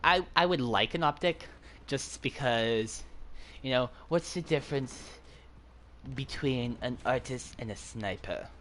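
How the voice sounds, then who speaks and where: A young man hosting a gaming channel, chatting casually with friends while he plays and bursting into excited yelps and laughs. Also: mid-range voice, measured pace, slight background noise. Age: young adult.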